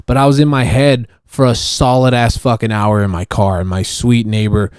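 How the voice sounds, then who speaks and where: A man's voice: medium pitch, steady tone, normal speed, a little mellow, clean tone, dry recording, clean studio sound. A young man hosting a podcast alone, rambling casually and swearing constantly, with lots of restarts. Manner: profane, rambling, many restarts. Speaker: podcast host.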